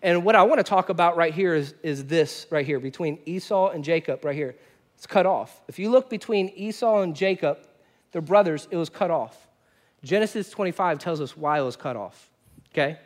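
Male pastor, high voice, lively sermon storyteller, loud-to-hushed swings. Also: moderate pace. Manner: animated storytelling, wide swings between loud bursts and quiet asides.

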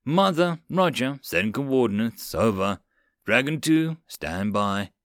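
A man's voice: mid-range voice, expressive, slow, fairly bright tone, dry recording, studio quality. A man voicing a cheerful young elf radio operator who talks in radio procedure. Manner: upbeat, radio procedure talk.

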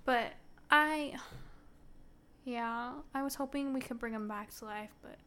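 High-voiced chatty woman. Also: measured pace, a bit bright, smooth. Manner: chatty and emphatic, lots of "like". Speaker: podcast co-host. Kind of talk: casual book chat.

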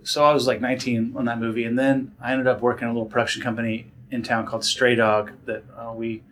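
A man in a casual interview, telling stories from his career at an animated pace. He fills his talk with "um" and "like", restarts his sentences, and often jumps into other people's voices. His pitch sits in a plain middle range. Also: fast, slight background noise. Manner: animated storyteller, many fillers and restarts, acts out voices. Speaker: guest, director and actor.

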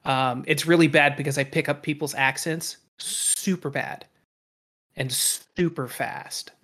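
A man's voice: a little high, steady tone, measured pace, a bit bright. A man in casual podcast chat, rambling with lots of fillers and casual swearing.

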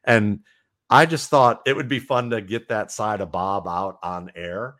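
A man's voice: fairly low pitch, a little slow, a bit bright. A talkative man chatting as a podcast guest, rambling with many restarts. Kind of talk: casual podcast conversation.

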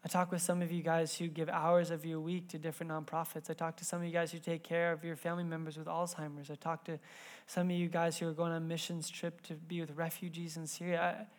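A man in his thirties preaching a sermon in a church, telling a family story with lively swings between loud bursts and hushed moments. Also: on the high side, fast talker. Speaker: pastor. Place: church sanctuary.

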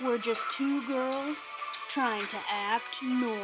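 A woman playing a grand movie-trailer narrator for a show intro, over loud music. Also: fairly high pitch, steady tone, takes it slowly. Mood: dramatic.

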